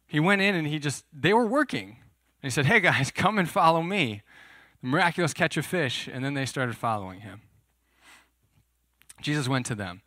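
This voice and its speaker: A man's voice: mid-range voice, lively intonation, brisk, fairly bright tone, dry recording, studio quality. A man preaching a casual, conversational sermon, explaining scripture and asking his listeners questions. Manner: conversational, asks the audience questions. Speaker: pastor. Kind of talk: sermon teaching.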